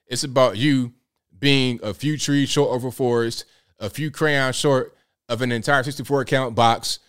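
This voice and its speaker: A man's voice: medium pitch, fairly even intonation, a little slow, a bit bright, clear, resonant tone. A man hosting a live show, reacting to clips with slangy jokes and frequent laughter. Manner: joking, slangy, laughs often. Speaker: host.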